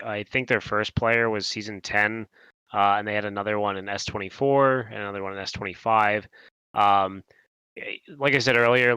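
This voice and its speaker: A man's voice: on the low side, pushed and bright, smooth, no echo, poor audio. A man on a live draft panel, announcing his team's pick as its manager with friendly explanations. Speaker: team general manager. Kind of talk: casual panel talk.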